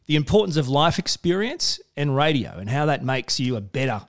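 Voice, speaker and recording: A man's voice: a little high, big pitch swings, brisk. A man hosting a conversational interview, earnestly building his points at length. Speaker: host, interviewer.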